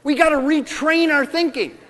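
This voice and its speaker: High-voiced man preaching in a reverberant hall. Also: moderate pace, a bit bright. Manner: passionate, conversational preaching with repeated restarts. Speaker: pastor. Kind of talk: sermon.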